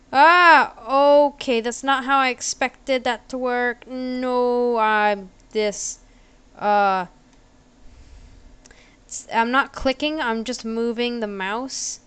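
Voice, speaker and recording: A woman's voice: on the high side, slow pace, clean tone. Giggly woman narrating her gameplay. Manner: chatty, giggly and self-deprecating. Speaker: gaming video creator. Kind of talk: casual game commentary.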